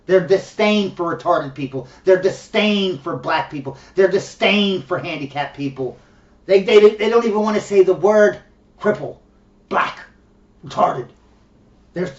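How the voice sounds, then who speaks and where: A man delivering an angry, profane and sarcastic rant to camera, often stumbling over repeated words. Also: sits high. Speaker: video blogger. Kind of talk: ranting monologue to camera. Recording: roomy, distant, dull lo-fi audio.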